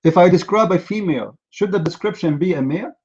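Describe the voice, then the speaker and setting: A man hosts a heated live online debate, his voice sitting a little high. He lectures and mocks his opponent combatively. The audio comes through dull and lo-fi. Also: animated, fast, darkish tone. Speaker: debate host.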